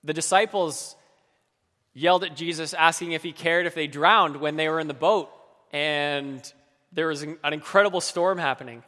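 A man's voice: on the high side, moderate pace, pushed and bright. A man preaching a sermon in an earnest, personal way, acting out quoted pleas with feeling. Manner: earnest, acts out quoted pleas with rising emotion. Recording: long hall reverb.

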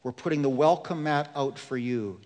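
A male pastor preaching a sermon in a slow, earnest and emphatic way. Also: fairly high pitch, a little mellow, long reverb tail.

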